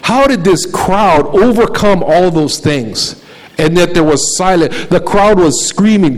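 A man's voice: high voice, animated, measured pace, low-quality recording. Preaching man retelling a story. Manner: dramatic retelling with quoted voices; asks the congregation questions. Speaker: pastor.

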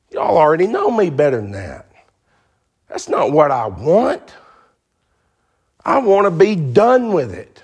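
A man's voice: a little high, huge pitch swings, a little slow, pauses often, darkish tone, breathy edge. A male pastor preaching a sermon in a folksy, emphatic way, repeating phrases for stress.

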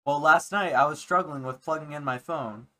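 A man's voice: a little high, moderate pace, sharp tone. A man co-hosting a podcast, rambling and laughing as he tells stories in casual chat. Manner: rambling, trails off and restarts, laughs often. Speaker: podcast co-host.

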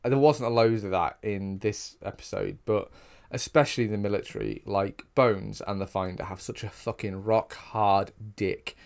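A man's voice: on the low side, fairly even intonation, moderate pace, vocal fry, hardly any pauses, a little mellow. A man co-hosting a casual podcast, sarcastic and sweary, often slipping into mocking quoted voices. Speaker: podcast co-host. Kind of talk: casual chat.

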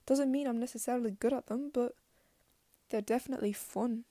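A young woman from London hosting a podcast in a put-on Scottish accent, rambling and chatty and drifting into soft half-whispered asides. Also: fairly high pitch, fairly even intonation, brisk, no echo, clean studio sound. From London, England. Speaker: podcast host. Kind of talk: rambling solo monologue.

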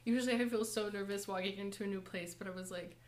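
A young woman in a church college group, giving a personal testimony and short lesson, talking softly and haltingly with many fillers and nervous laughs. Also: medium pitch. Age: young adult.

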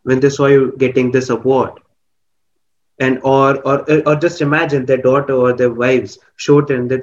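A man hosting an interview, feeling his way through questions with many pauses and restarts. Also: mid-range voice, little pitch movement. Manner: hesitant, many fillers and restarts while forming questions. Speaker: podcast host. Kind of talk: interview conversation. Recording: muffled audio with faint background noise.

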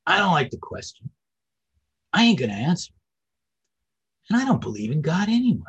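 A blunt, defiant official, put on by a lecturer who brushes off the question, pitched a little higher than the teller's usual voice. The tone is very husky and gravelly. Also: male voice, big pitch swings, moderate pace, fairly bright tone, lo-fi sound, heavily acted. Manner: blunt, dismissive.

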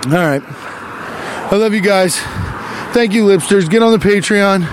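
A man hosting a podcast, delivering a rambling, profane comedic monologue with quick asides. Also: high-pitched, slight background noise. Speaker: podcast host.

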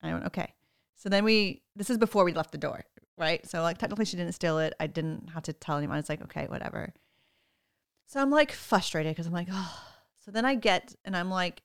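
A woman casually telling an animated parenting story, quoting her children and laughing often. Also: on the low side, normal speed, clear, resonant tone, no room sound, studio quality. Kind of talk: casual chat.

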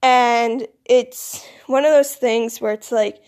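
A woman with a Michigan accent rambles through a casual vlog monologue in a somewhat high voice. She sounds groggy, as if she woke up not long ago. Her talk is loose and full of "like" and "you know". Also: steady tone, slow, a little mellow. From United States. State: groggy, recently woken. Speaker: vlogger.

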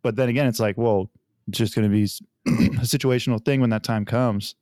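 A man in his thirties chats casually about parenting young kids, settling into relaxed stories and acting out the family's lines. His voice is smooth and clear, sitting at an everyday pitch. The sound is dry and close to the mic. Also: a little fast, no echo. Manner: relaxed storytelling, acts out family dialogue. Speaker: podcast guest, father. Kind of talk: casual conversation.

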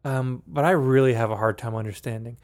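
A man's voice: medium pitch, steady tone, a little fast, a little mellow. Hesitant man in casual talk. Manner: hesitant, with many fillers and restarts. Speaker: podcast co-host. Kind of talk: casual chat.

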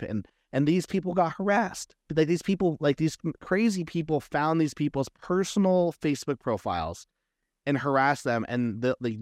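A man speaks as an interview guest in a casual, animated way, acting out the back-and-forth of quoted conversations. His voice sits at a middle pitch. The recording is dry and close, with no room sound. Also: no echo. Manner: animated storytelling, acts out quoted exchanges. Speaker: comic book creator, guest.

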